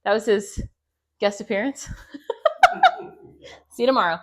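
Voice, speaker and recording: There's background noise as this homestead host talks in an unhurried, medium-pitched voice through her clip-on mic. She's a talkative woman running a relaxed cooking demo in her own kitchen, cracking jokes and laughing at herself.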